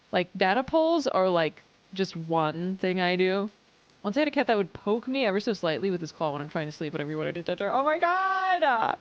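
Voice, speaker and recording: A woman's voice: medium pitch, highs cut off. A woman streaming live, chatting casually with viewers, reading chat aloud and swearing as she acts out customers.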